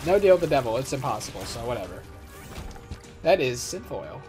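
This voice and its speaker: A man's voice: medium pitch, very animated, a little fast, a little mellow, faint music behind. A man in his twenties giving casual gameplay commentary, rambling and joking at his own expense. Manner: rambling, joking, self-mocking. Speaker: let's play host.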